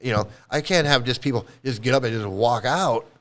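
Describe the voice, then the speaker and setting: A man's voice: mid-range voice, fairly quick, fairly bright tone. Blunt rambling man talking casually. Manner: rambling, blunt, profane, many restarts and fillers. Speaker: ex-cult commentator. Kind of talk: casual monologue commentary.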